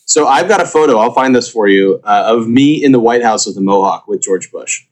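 Man, podcast guest, casual chat, blunt, swooping animated pitch. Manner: lively, blunt, quick to interrupt. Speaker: podcast guest, former baseball player.

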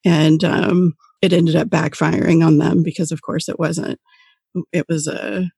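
Husky, gravelly woman, dry mic. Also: low voice, flat delivery, a little slow, a little mellow, no echo. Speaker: podcast host. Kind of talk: casual podcast talk.

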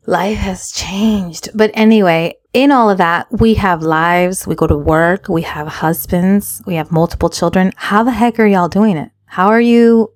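Animated woman chatting in a dry room. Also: on the low side, moderate pace, few pauses, no room sound. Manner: animated storytelling, acts out her own and her kids' lines; emphatic, repeats phrases for stress. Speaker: podcast co-host. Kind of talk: candid casual chat.

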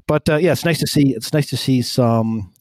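A man co-hosting a sports podcast, talking like an animated fan and running through stats. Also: medium pitch, normal speed, no echo. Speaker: podcast co-host. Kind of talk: casual sports podcast chat.

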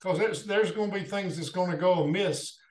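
A man with a somewhat high voice answers questions in a podcast interview. He speaks earnestly and plainly as a company head, and his voice carries a roomy echo. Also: moderate pace. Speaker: company CEO, podcast guest. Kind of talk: casual interview chat. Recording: echoey room.

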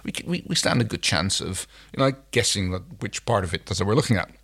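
Man, deep-ish and animated; playful co-host reading aloud. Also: quick pace, gravelly. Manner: playful, laughs mid-reading. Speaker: podcast co-host reading fan fiction. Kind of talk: casual chat and dramatic read-aloud.

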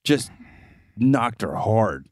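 A man co-hosting a podcast, telling a story in an unhurried way with hesitant fillers. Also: lowish voice, big pitch swings, background noise. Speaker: podcast co-host. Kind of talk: casual storytelling chat.

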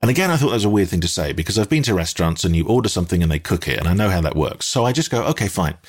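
A man's voice: low-pitched, expressive, rapid-fire, slightly rough. A man with an English accent, telling a rambling, self-deprecating story as a guest in a casual conversation, hesitating often.

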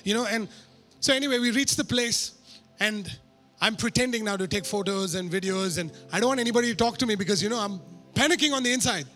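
A man preaching a sermon through a personal story, animated and poking fun at himself. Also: sits high, quick pace, soft background music. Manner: animated, self-mocking humor.

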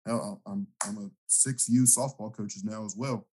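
A man with a low voice and an even, steady delivery, a football coach rambling comfortably about his players. He talks in loose, casual sentences full of ums and restarts, and his pitch barely climbs or dips. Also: measured pace, slight background noise, rough recording. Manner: relaxed, rambling coach talk with fillers. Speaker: high school football coach, guest. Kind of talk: casual podcast interview.

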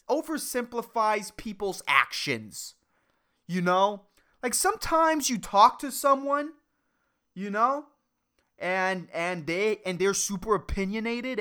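Woman, solo podcast host, profane, rambling, self-interrupting, highly animated pitch. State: over-caffeinated.

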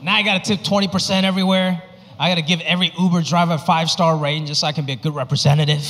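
A man performing a stand-up comedy set, telling stories and acting out his bits with animated delivery. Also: a little high, very fast. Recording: live stage recording in a reverberant hall.

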